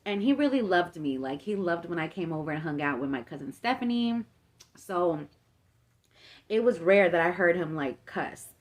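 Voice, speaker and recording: A woman's voice: lowish voice, expressive, moderate pace. Chatty young woman telling a story. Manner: chatty, profane, filler-heavy retelling. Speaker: vlogger. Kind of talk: casual storytime.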